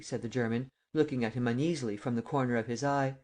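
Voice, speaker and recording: A man narrating an adventure novel in a steady, measured way. His voice sits at a middling pitch, and he reads evenly between the characters' lines. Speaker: audiobook narrator. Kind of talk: scripted narration.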